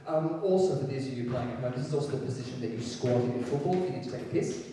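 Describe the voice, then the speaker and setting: A man hosting a live improv comedy show, loud and excitable on stage, sometimes dropping to a hush. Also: medium pitch, racing, heavy background noise. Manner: loud and excitable on stage, then hushed whispering to the audience. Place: live comedy venue with audience. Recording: echoey hall from far off, with crowd.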